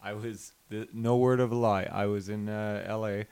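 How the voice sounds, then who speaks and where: A man's voice: lowish voice, flat delivery, moderate pace, a little mellow, clear, resonant tone. A Canadian man chatting casually on a podcast, telling stories in a blunt, jokey way. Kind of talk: casual chat.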